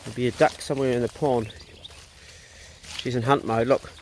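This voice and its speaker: A man's voice: mid-range voice, fairly even intonation, fairly quick, slight background noise. A man chatting offhand about his dogs as he walks them on a farm, filmed on a handheld phone outdoors. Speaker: farm vlogger. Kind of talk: casual narration while walking.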